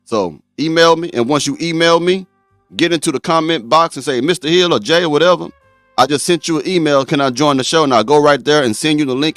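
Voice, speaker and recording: A man's voice: a little high, a little fast, fairly bright tone, no room sound, faint music behind. A man hosting a live-stream talk show, speaking bluntly and straight to his viewers. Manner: blunt, addresses viewers directly.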